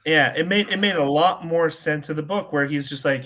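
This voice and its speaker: Easygoing man with a higher voice. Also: brisk, hardly any pauses, fairly bright tone. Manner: easygoing, agreeable, laughs along. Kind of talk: casual chat.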